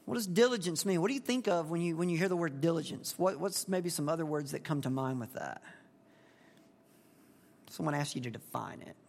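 A man's voice: a little high, animated, brisk, gravelly, darkish tone. Male preacher, plain conversational delivery with questions to the pews, echoing church hall. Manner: conversational, asks the congregation questions. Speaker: pastor. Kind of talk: expository sermon. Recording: long hall reverb.

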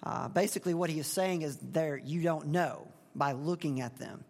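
In an echoing church hall with long reverb, a pastor gives an expository sermon, chatting plainly and asking his congregation questions. His voice is on the high side, gravelly and a little mellow, at normal speed.

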